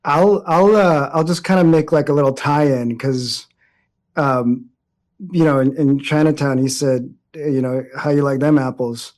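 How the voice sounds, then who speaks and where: A man with a somewhat high voice talks through his answers at an easy pace. He restarts sentences and fills pauses as he thinks, in a casual interview. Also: darkish tone. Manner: reflective, many restarts and fillers. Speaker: interview guest.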